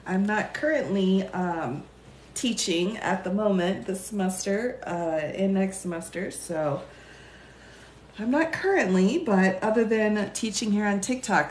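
A woman's voice: lowish voice, a little hiss or hum. A woman who is a lawyer and law teacher, hosting a casual live stream, chatting and laughing often as she reads viewer comments aloud. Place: indoor room, streaming live. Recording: roomy echo.

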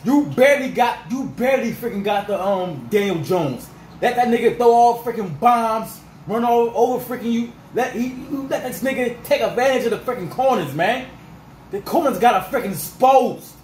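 Fired-up ranting man, high voice. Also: lively intonation, normal speed, a little mellow, roomy sound, slight background noise, poor audio. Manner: fired-up, repetitive, peppered with 'freaking' and 'dog'. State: voice going rough. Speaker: sports fan vlogger. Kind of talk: ranting sports reaction.

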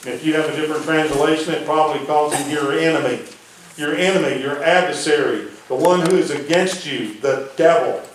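Guy preaching folksy-style, voice kinda high, far from the mic, big echoey church sound. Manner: folksy preaching, drops to near-whisper for emphasis. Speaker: pastor. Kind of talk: sermon. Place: church hall. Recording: very echoey room from far off, faint noise.

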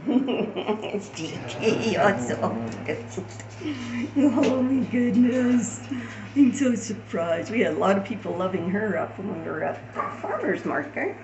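A woman filming her dogs at home, chatting and using high sing-song baby talk with them. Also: dull audio. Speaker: dog owner filming her pets. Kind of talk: casual chat to dogs. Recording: echoey room with loud background noise.

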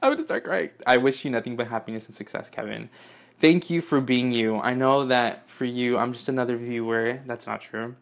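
A young man unboxing fan mail in an excited, gushing vlog, swearing often and gasping as he reads letters aloud. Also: mid-range voice, normal speed. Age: young adult. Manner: gushing, swears a lot, gasps and squeals.

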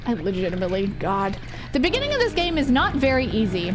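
A high-voiced woman streams a game, chatting and cursing casually as she plays. Her pitch leaps around a lot, and music plays clearly underneath. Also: huge pitch swings, fast talker. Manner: chatty, talks to chat and to the game, swears freely. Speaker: streamer playing a horror game. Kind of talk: casual live gameplay commentary with swearing.

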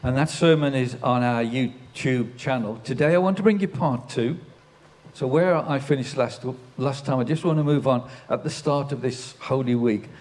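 A man's voice: mid-range voice, normal speed, a little mellow. Older man preaching a sermon. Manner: storytelling, builds to emphatic declarations. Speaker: pastor. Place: church.

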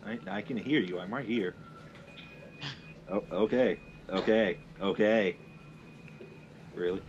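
A man's voice: lowish voice, takes it slowly, a little mellow, muffled recording, slight background noise. A man chatting casually over a multiplayer game, often exclaiming in disbelief. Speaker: gamer.

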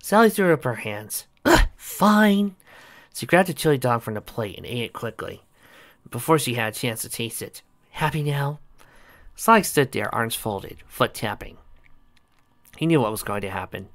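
A man's voice: medium pitch, very animated, normal speed, a bit bright. Man reading a fan story aloud. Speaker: narrator.

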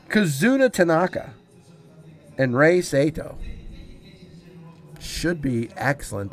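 Male solo wrestling commentator, enthusiastic, conversational, addresses viewers. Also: fairly high pitch. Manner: enthusiastic, chatty, talks straight to viewers.

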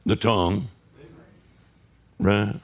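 A male pastor with a lowish voice preaches in a church sanctuary, speaking in a steady tone at an extremely slow pace. His sermon feels conversational, and he checks in with listeners often through frequent "right?" asides.

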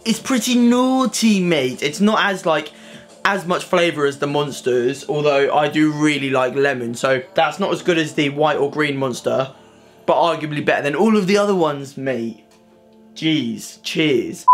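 A man's voice: fairly high pitch, unhurried, soft background music. Sweary young British man saying "mate". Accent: British English. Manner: slangy and sweary, ends sentences with "mate". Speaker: vlogger. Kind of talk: casual vlog talk to camera. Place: at home, then by car and outdoors.

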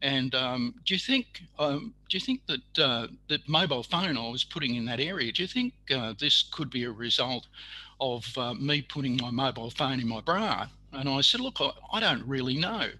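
An older man, telling a story in an interview, halting with many fillers and restarts. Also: medium pitch, expressive, bright, forceful tone, low-quality recording.

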